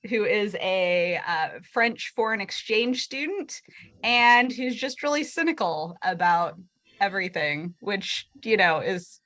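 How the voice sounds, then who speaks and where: A woman's voice: medium pitch, expressive, takes it slowly, fairly bright tone. A woman improv player introducing herself over a video call, wry and self-mocking.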